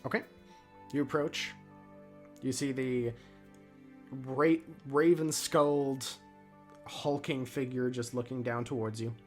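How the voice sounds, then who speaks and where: A man's voice: medium pitch, fairly even intonation, slow, pauses often, soft background music. Easygoing male dungeon master. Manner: laid-back, hesitant narration with many fillers. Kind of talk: narrating a tabletop game.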